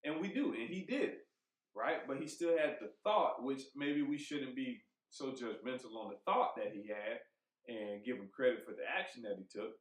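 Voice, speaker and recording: A man co-hosting a podcast, talking in a heated, emphatic way, swearing freely and thinking out loud with restarts. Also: mid-range voice, moderate pace. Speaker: podcast co-host. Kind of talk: casual podcast chat. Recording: roomy echo.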